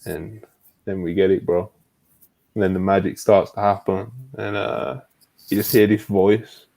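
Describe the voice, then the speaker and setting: Brief: male podcast co-host, slightly low voice, loose and excitable, cursing through long recaps. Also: a little slow, vocal fry. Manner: excitable, swears freely, retells events at length. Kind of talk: casual wrestling chat.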